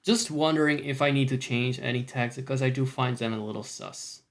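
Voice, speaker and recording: A man's voice: medium pitch, flat delivery, fairly quick. A Scottish man chatting casually on a stream, rambling, swearing often and talking to himself.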